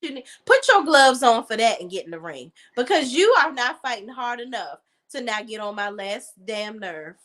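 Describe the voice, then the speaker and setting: A woman with a DC accent co-hosting a casual commentary chat, blunt and animated, swearing freely. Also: a little high, moderate pace, hardly any pauses. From Washington, D.C. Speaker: podcast co-host.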